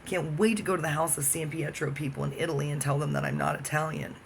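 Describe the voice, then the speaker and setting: Gravelly man ranting in a profane monologue. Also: a little high, fairly even intonation, fast, a little hiss or hum. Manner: profane, jumping from topic to topic. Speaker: vlogger. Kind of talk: rambling solo monologue.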